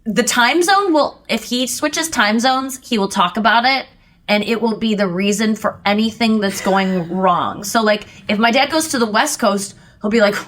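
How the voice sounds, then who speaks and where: Woman host just chatting on her podcast, animated, does little voices for people in her stories, laughs a lot. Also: on the high side, moderate pace. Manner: animated storytelling, acts out people's lines; laughs often while talking. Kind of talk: casual chat.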